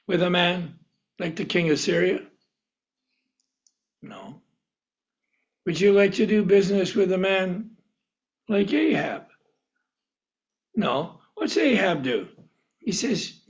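A man's voice: high-pitched, animated, slow, long pauses. A man teaching a Bible lesson, asking the group questions and chuckling often. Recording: dull lo-fi recording.

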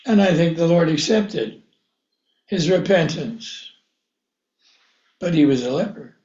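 A man preaching a sermon, reading scripture aloud and acting out biblical characters in a slow, deliberate way. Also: a little high, expressive, a little mellow. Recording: echoey room, dull lo-fi sound.

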